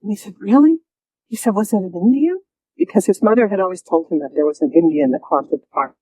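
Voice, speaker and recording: A woman appears as an interview guest, telling a story in a conversational interview with animated energy, acting out quoted voices and laughing often. Her voice is on the low side and fast, and the recording is low quality with no room sound.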